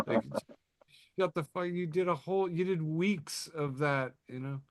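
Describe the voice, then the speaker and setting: A man hosting a casual podcast over a call, reading memes aloud, laughing often and swearing, quick to poke fun at himself. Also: medium pitch, a bit bright, smooth. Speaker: podcast host. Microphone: remote call mic.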